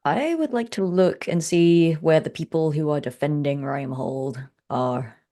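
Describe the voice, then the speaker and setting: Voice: medium pitch, unhurried, dark tone. A player in a tabletop game speaking in character, asking short, curious questions.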